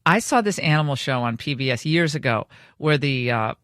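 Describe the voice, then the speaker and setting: A woman's voice: extremely low pitch, lively intonation, normal speed, a bit bright, no room sound. Chatty woman radio host, dry studio. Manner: chatty storytelling with restarts. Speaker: radio talk show host. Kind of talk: casual radio talk. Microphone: studio microphone.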